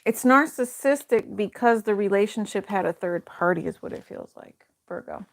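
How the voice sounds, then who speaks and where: Casual woman tarot reader at an ordinary mid pitch, thinking out loud and hedging as she turns cards. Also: expressive, normal speed. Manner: thinks aloud, hesitant, many fillers and restarts. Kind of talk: casual tarot reading to camera.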